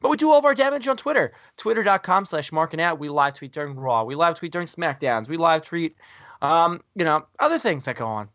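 A man's voice: a little high, expressive, a little fast, a bit bright, no room sound. A man hosting a podcast in casual chat, rambling and jokey with lots of fillers. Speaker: podcast host. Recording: dry, dull lo-fi recording.

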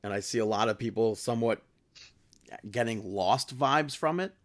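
A man co-hosting a podcast in a relaxed, chatty way, often laughing. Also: medium pitch, normal speed. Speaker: podcast co-host. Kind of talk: casual chat.

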